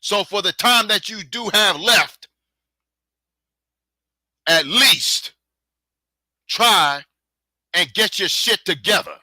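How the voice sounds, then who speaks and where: A man's voice: high-pitched, expressive, slow pace, long pauses, bright, forceful tone, no room sound. A man hosting his own podcast, delivering a heated, profane rant and taunting his listeners with repeated challenges. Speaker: podcast host. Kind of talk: angry solo podcast rant.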